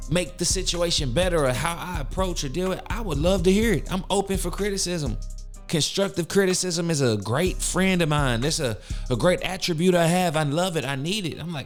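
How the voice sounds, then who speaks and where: A young man from West Virginia hosting a solo motivational podcast, talking emphatically with rhetorical questions. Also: sits high. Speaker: podcast host.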